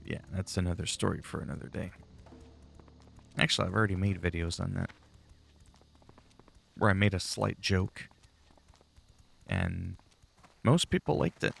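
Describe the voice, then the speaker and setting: A man's voice: low voice, vocal fry, husky. A man giving casual, rambling commentary while playing a game, chatty and swearing freely. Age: adult, long-time player. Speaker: gaming channel host.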